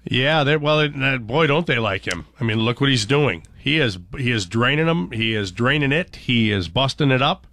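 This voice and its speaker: A man's voice: mid-range voice, lively intonation, moderate pace, few pauses, bright, forceful tone. A man hosting a morning radio show in a studio, chatting casually and rambling with lots of fillers and restarts.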